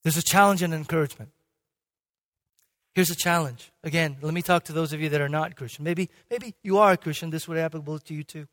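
High-voiced, emphatic male pastor preaching. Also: quick pace. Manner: emphatic, swinging from loud to hushed; frequent restarts and "okay?" checks. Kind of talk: sermon. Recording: long hall reverb.

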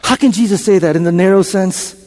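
A preacher delivering a sermon with a strikingly high voice for a man. He swings from loud declarations down to hushed whispers, repeats his points and questions the congregation. His voice rings with a long reverb through a church sanctuary. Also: fairly quick. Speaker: pastor.

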